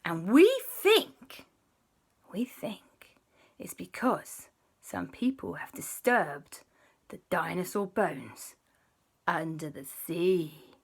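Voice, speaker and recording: A woman voicing an excitable female scientist with an Australian accent and a high, gushing way of talking. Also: slow, breathy edge, heavily acted. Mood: conspiratorial.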